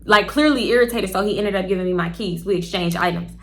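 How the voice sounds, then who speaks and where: A young woman vlogger telling a story in a blunt, profane, animated way. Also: mid-range voice, fast talker. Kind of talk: casual storytelling.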